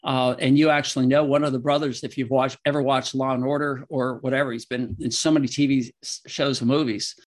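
A man's voice: mid-range voice, level tone, fairly quick. A man, a veterinarian and author, answering interview questions casually with rambling, emotional anecdotes and frequent laughter.

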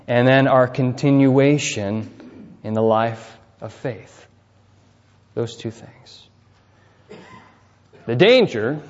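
A man of middle pitch preaching a sermon in a large hall, with a long, ringing reverb behind every phrase. He often turns to his listeners with "right?" and swings between loud, emphatic peaks and quiet, falling endings. The recording sounds dull and slightly muffled. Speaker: pastor.

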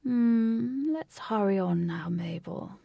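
A gentle old husband, as a woman reader puts him on, speaking in a deliberate, drawn-out way. The tone is mellow and gravelly, recorded dry and close, with a husky grain. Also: medium pitch, lively intonation, no echo, full character voice. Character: elderly husband, gentle and knowing.

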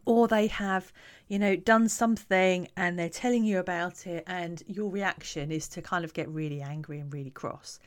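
A woman who coaches parents, talking to camera in a calm, reflective, conversational way. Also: on the low side, normal speed, few pauses.

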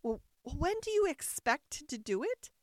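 A woman's voice: high voice, very animated, unhurried, no room sound, studio quality, pitched above the performer's own voice. A woman voicing Alice, a polite and curious seven-year-old girl who speaks earnestly.

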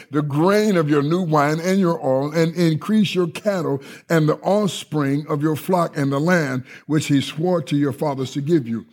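A man's voice: on the high side, a little mellow. A middle-aged man preaching a sermon, emphatic and repetitive, who keeps asking listeners whether they heard him. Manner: emphatic and repetitive, often checking listeners are following.

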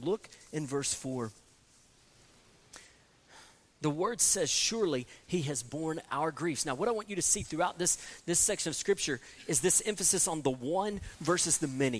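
Male pastor, sermon, earnest, repeats words, emphatic peaks, slightly higher voice. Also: a bit bright. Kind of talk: expository sermon.

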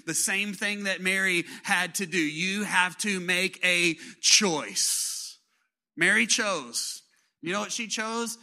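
A man, preaching a sermon as pastor in a conversational way that rises to animated bursts. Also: high voice.

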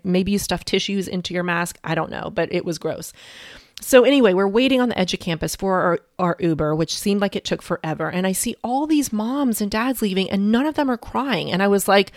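A woman's voice: fairly low pitch, gravelly, no room sound, clean studio sound. A middle-aged woman hosting a podcast, telling a personal story in a frank, emotional way and swearing casually. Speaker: podcast host and coach.

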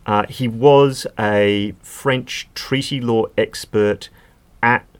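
A man's voice: mid-range voice, fairly even intonation, drawn-out words, clean tone. A man speaking as a legal expert guest in a podcast conversation, explaining at length with casual fillers.

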